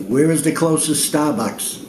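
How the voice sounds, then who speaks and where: A man's voice: on the high side, measured pace, lightly acted. A man with a strong Boston accent. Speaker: man testing a phone voice assistant. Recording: echoey clip with background noise.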